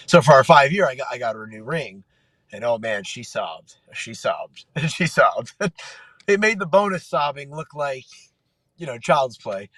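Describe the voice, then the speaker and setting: Laughing man with a higher voice. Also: dry recording. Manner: laughing, animated storyteller who acts out quotes. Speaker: podcast guest, MMA fighter. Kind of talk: casual chat.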